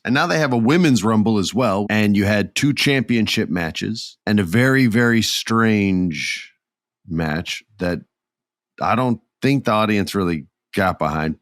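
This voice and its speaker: A man's voice: low-pitched, no echo, clean studio sound. A middle-aged man hosting a podcast, chatting enthusiastically and animatedly about wrestling. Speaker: podcast host. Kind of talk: casual wrestling commentary.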